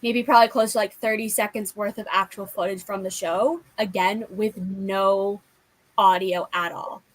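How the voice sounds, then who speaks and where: A woman's voice: mid-range voice, steady tone, normal speed, low-quality recording. A young woman hosting a casual book chat, rambling and leaning on lots of fillers. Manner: rambling, heavy use of filler like. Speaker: booktube host.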